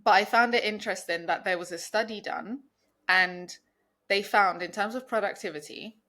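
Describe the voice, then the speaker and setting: In a casual podcast chat, this young female co-host rambles along, restarting often and leaning on fillers. She speaks at a moderate pace in a medium pitch that sounds pushed and bright.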